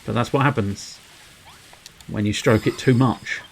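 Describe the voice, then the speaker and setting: A man's voice: mid-range voice, measured pace, vocal fry, a little hiss or hum, poor audio. A man streaming a game, rambling playfully to his viewers with cheeky innuendo. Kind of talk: casual livestream commentary.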